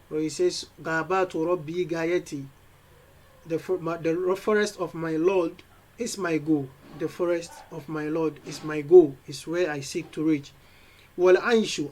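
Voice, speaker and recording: A man's voice: on the high side, poor audio. A man teaching an Arabic lesson, reading lines of a poem and explaining each word in English, with frequent restarts. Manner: reads verse slowly, then explains in English with restarts.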